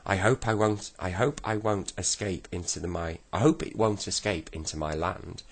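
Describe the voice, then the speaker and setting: A man voicing a flustered old tinker covered in saucepans, in a high, shrill, fretful voice. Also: moderate pace.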